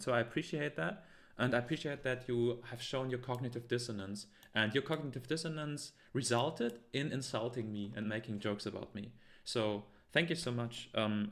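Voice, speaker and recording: A man's voice: mid-range voice, brisk, a bit bright. Heated man arguing with live chat. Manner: argumentative, heated, many fillers and restarts. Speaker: live stream host. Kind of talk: live stream, reading and answering chat comments.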